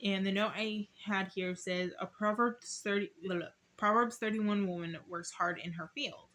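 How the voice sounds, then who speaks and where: A young woman with a slightly hoarse voice, casually talking through a Bible study at home, reading verses aloud and rambling between them. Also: medium pitch, fairly even intonation, moderate pace, fairly bright tone, slight background noise. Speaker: YouTuber doing Bible study.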